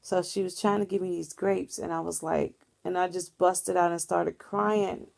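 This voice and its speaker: Woman vlogger rambling through a dream story, lowish voice with lots of fry. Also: steady tone, normal speed, a little mellow. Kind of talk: casual spoken recounting of a dream.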